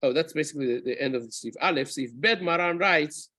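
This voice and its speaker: Husky-voiced rabbi teaching a lesson. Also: male voice, fairly high pitch, fast talker, hardly any pauses, bright, forceful tone, no room sound, low-quality recording. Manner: explanatory, with frequent restarts and "right?" checks; drops into chanting Hebrew verses. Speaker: rabbi teaching a daily halacha class. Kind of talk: casual Torah lesson.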